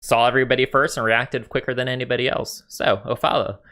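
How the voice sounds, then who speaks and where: A man's voice: medium pitch, flat delivery, fast, pushed and bright. A man narrating as game master in a casual, rambling way with many fillers. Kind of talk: narrating a tabletop game over voice chat.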